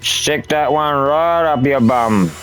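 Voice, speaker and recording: A man's voice: mid-range voice, slow pace, a bit bright, faint music behind, poor audio. A man chatting casually while gaming, rambling and swearing a lot. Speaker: gaming streamer.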